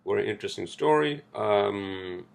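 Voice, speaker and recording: A man's voice: lowish voice, animated, normal speed, gravelly. A man hosting a solo podcast, rambling and swearing heavily as he rants about the news, then reading an article aloud. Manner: profane, ranting, rambling with restarts. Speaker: podcast host.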